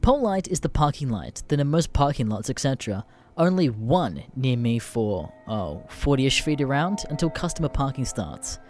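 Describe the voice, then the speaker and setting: A man reads an internet horror story aloud. His delivery is deadpan and often profane, and his pitch swings a lot. Faint music plays underneath. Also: normal speed. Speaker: narrator. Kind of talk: scripted narration of internet stories.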